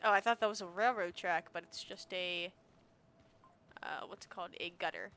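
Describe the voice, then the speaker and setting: A woman streamer giving animated, swearing commentary as she plays a game and talks to its characters. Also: lowish voice, normal speed, slight background noise. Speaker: gamer streamer. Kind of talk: let's play commentary.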